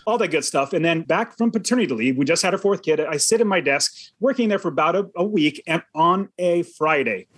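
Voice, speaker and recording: A man's voice: on the high side, lively intonation, a little fast, few pauses, a bit bright, dry recording. A man guest on a podcast, earnestly telling a vivid personal story in an interview. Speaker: podcast guest, real estate investor.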